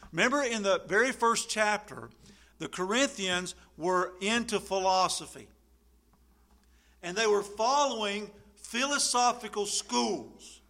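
A man preaching a sermon, lively and animated, acting out the people he quotes. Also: high-pitched, measured pace. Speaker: pastor.

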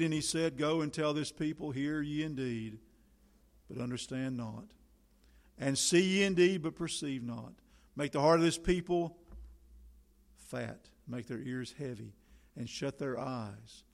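A man preaching a sermon in solemn, old-fashioned biblical language, building to fervent appeals. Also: medium pitch. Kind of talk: sermon reading.

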